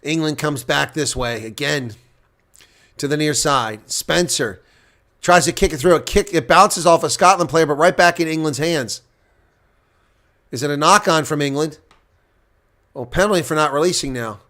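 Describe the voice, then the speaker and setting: Excitable bright-voiced male rugby commentator. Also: on the high side, normal speed, long pauses. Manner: excitable, rising loud on big plays, laughing asides. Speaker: live game commentator. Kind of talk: live reaction play-by-play commentary.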